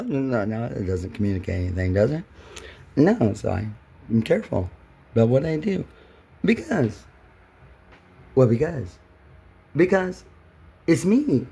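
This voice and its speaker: Gravelly, husky man rambling to camera. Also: mid-range voice, mellow. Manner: emotional, repetitive, many restarts with "well". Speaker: vlogger.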